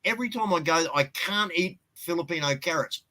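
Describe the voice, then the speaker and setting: A man's voice: fairly high pitch, expressive, fairly quick, sharp tone, poor audio. An Australian man with an Australian accent, ranting bluntly and swearing freely in a casual live-stream chat.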